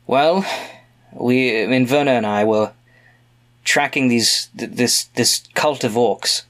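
A man's voice: mid-range voice, slow, fairly bright tone. A man earnestly playing his character in a tabletop game. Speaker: player.

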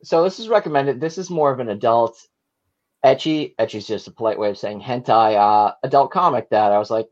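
A man's voice: mid-range voice, a little fast, dull audio. Tipsy man rambling through plot summaries. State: a little tipsy. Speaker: podcast co-host. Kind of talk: casual podcast chat.

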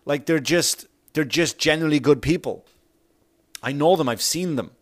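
A man rants through a profane comic monologue. His voice sits somewhat high for a man, and he talks bluntly and acts out the people he describes. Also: normal speed. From Long Island, New York. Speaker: comedian.

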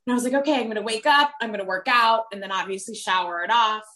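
A woman's voice: a little high, fast, sharp tone. A woman co-hosting a casual chat, telling self-mocking stories. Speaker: podcast co-host.

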